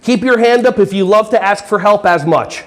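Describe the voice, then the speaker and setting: A man's voice: high-pitched, moderate pace. A man giving a playful workshop talk to a live audience, joking and quizzing the crowd. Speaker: conference presenter.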